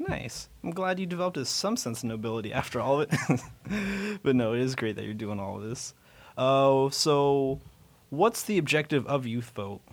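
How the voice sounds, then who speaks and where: A man's voice: medium pitch, normal speed, a little hiss or hum. A man hosting a radio show, chatting casually with guests in the studio and using filler words.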